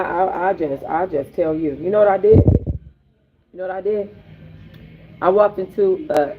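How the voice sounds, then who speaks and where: A woman host telling a personal story in casual, animated, profane slang. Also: fairly low pitch. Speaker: podcast host. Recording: tinny phone-like audio.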